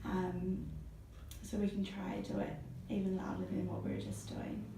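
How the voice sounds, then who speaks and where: A woman's voice: medium pitch, little pitch movement, normal speed, vocal fry, noisy background. A woman acting as a voice therapist, taking a client through breathing and voice exercises step by step and praising each try. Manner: encouraging, praises often. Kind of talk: step-by-step instruction. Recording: echoey room, mic at a distance.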